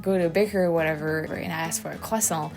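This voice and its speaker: A woman's voice: sits low, fairly even intonation, fast, over music. A young adult French woman with a French accent, chatting casually and emphatically to camera as a video host, with frequent restarts. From France. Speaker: YouTube host. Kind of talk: casual explainer talk to camera.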